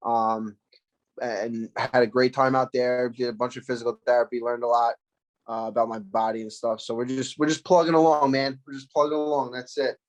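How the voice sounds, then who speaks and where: A man talks loosely and casually, circling back and restarting his sentences. His voice sits in a middling pitch. He is heard through a phone with earphones on a call. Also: flat delivery, fairly quick, poor audio. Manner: rambling, loose, full of fillers and restarts. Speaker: fighter, interview guest. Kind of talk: casual interview over video call.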